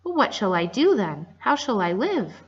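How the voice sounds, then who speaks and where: Casting: boastful gruff pirate chief read by a woman, storybook reading, lo-fi sound. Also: mid-range voice, sing-song, slight background noise, lightly acted. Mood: pleading. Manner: gloating, slow. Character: Ben Ali, boastful pirate captain, gruff man. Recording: dull lo-fi recording.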